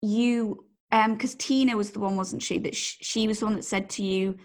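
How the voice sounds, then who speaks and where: A woman's voice: mid-range voice, fairly even intonation, moderate pace. A woman chatting casually as podcast co-host, talking hesitantly with many fillers. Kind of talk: casual chat.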